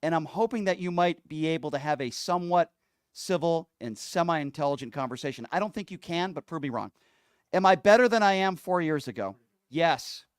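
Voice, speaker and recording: A man's voice: on the high side, smooth, no echo, clean studio sound. A man hosting a call-in radio show, taking calls and arguing sarcastically with a prank caller.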